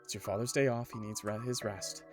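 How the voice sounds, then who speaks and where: A man's voice: on the low side, fairly even intonation, brisk, soft background music, close to an everyday voice. Casting: man playing a bossy middle-aged mom, clipped and stern, game voiceover. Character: strict middle-aged mother, controlling. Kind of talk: game voice acting.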